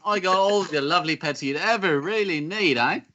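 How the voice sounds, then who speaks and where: A man's voice: sits high, moderate pace, bright, forceful tone. A man voicing a chatty male elf pet shop owner with an Australian accent and rambling sales patter, on dull lo-fi audio. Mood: chummy.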